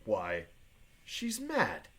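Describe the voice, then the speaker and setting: A man's voice: lowish voice, wildly swooping pitch, drawn-out words, fairly bright tone, pitched below the performer's own voice, heavily acted. A man reading an earnest, stubborn farmer. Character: John Proctor, earnest stubborn farmer husband. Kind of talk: reading play aloud to a class.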